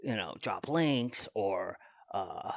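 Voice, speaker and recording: A man's voice: fairly low pitch, lively intonation, slow, creaky, dry recording, highs cut off. A man hosting a stream, giving casual commentary in a rambling way, full of fillers and restarts. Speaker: stream host.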